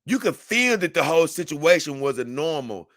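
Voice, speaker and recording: A vlogger from Memphis, Tennessee, talks casually to camera with a fairly high, fairly bright voice, very animated at a moderate pace. He tells a story earnestly but rambles with many restarts. The sound is studio quality with no room sound.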